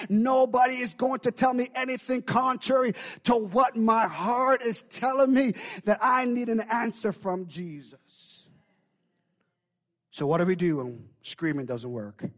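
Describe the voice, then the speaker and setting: A man preaching a sermon, acting out the people in his stories and swinging from hushed storytelling to loud, fervent calls. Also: extremely high pitch. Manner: dramatic, acts out quoted voices, swings from hushed to shouting.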